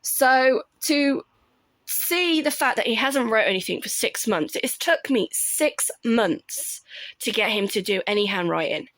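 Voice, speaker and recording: Chatty mum telling stories. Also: female voice, on the high side, a little slow, dry recording. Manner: animated storytelling, acts out her kids' voices. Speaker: parent vlogger. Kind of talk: casual chat.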